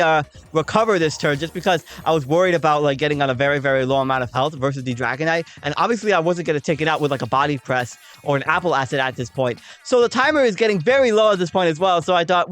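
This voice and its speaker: Chatty woman narrating her game battle. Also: deep voice. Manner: chatty, talks through her thinking, frequent "um" and "like". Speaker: gaming channel host. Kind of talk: casual game battle commentary.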